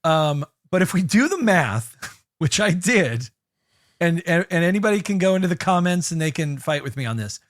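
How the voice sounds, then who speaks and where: A man co-hosting a podcast, chatting casually about an old movie and slipping into quick goofy impressions. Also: a little high, sing-song. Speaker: podcast co-host. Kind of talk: casual movie-review chat.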